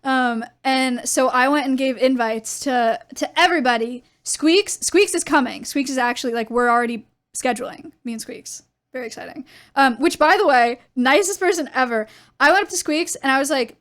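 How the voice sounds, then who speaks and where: A young woman streamer chatting casually, telling animated stories with laughter and quoted dialogue. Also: high-pitched, normal speed.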